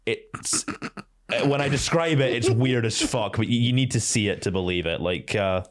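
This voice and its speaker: A man's voice: medium pitch, moderate pace. A man co-hosting a podcast, giving opinionated casual film-review chat with many fillers and frequent laughs. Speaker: podcast co-host.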